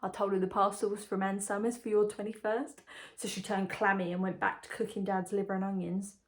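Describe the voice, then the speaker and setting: A woman's voice: mid-range voice, little pitch movement, fairly quick, lightly acted. A young woman performs a dramatic monologue as a chatty, confiding young woman engaged to a condemned prisoner. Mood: breezy. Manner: confiding, gossipy, breezy. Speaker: lead character in a monologue.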